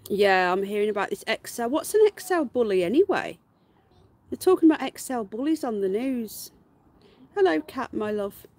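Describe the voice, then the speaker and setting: Gravelly-voiced woman cooing at pets. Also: very animated, a little mellow. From United Kingdom. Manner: coos at pets in a high, slow baby voice between chatty asides to viewers. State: unwell, voice going. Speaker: livestream host. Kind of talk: casual live-stream chat. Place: garden outdoors.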